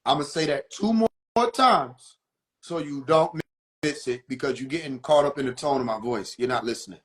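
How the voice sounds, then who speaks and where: A man's voice: medium pitch, moderate pace, fairly bright tone. A man hosting a live stream, giving casual spiritual teaching in a preachy way, repeating his points and putting questions to his viewers. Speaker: livestream host.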